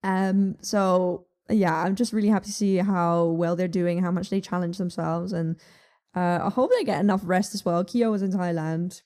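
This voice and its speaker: A woman's voice: lowish voice, fairly even intonation, moderate pace, warm tone. A young woman with a Dutch accent chatting casually about music, with lots of ums and likes and frequent swearing. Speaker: music vlogger. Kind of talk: casual music review chat.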